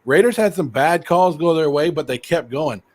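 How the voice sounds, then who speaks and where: Fairly high-voiced, hoarse middle-aged male host, pumped up and rambling. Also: normal speed. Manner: excited, rambling, laughs often. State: sick, hoarse. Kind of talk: casual livestream chat.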